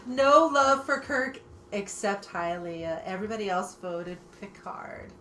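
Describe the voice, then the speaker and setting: Excitable woman co-host, faint noise. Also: mid-range voice, measured pace. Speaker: podcast co-host. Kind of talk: casual chat.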